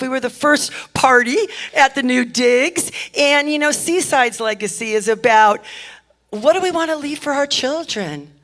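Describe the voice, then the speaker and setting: Church announcer, female, higher voice, effusive and repetitive with thanks, handheld mic in a sanctuary. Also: a bit bright. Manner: effusive, repeats thanks, talks with a catch of emotion. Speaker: church speaker giving announcements. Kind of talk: warm announcements at a church service.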